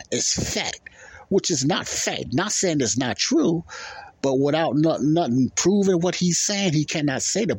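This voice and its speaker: Husky middle-aged man musing aloud. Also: medium pitch, dry recording. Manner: loose, repetitive, keeps asking if you understand. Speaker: podcast host. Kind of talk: casual commentary with clips.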